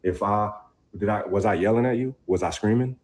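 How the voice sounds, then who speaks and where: A man with a deep voice playing a boyfriend in a comedy skit, firm and deliberate. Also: a little mellow, natural voice.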